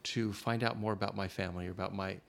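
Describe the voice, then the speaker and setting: A man hosting a conversational interview, speaking thoughtfully and haltingly with many fillers. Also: sits low, steady tone, gravelly. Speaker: podcast host interviewer.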